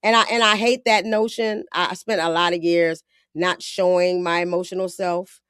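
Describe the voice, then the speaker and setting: A woman's voice: lowish voice, fairly even intonation, normal speed, a bit bright, clean tone, no echo, clean studio sound. A woman hosting a podcast, talking bluntly in casual slang, often acting out quotes. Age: adult with a daughter. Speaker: podcast host.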